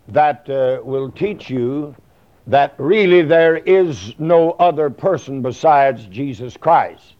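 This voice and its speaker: A man preaching a sermon in a folksy, rambling way, full of fillers and plain talk. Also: medium pitch. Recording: dull lo-fi recording.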